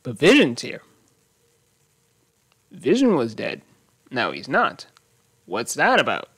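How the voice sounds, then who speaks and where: A man hosting his own channel, casually recapping a TV episode in a rambling, animated way, thinking aloud. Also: mid-range voice, slow pace, husky, no echo, studio quality. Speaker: YouTube show host.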